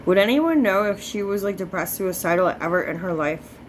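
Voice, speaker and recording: A woman's voice: mid-range voice, lively intonation, brisk, a little hiss or hum, rough recording. A woman doing a spirit reading as a psychic medium, chatty, full of filler words and swearing freely.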